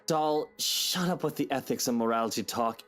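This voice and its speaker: A woman's voice: rumbling low, normal speed. A woman voicing a crude, arrogant married man in a visual novel, brusque and swearing. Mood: scornful.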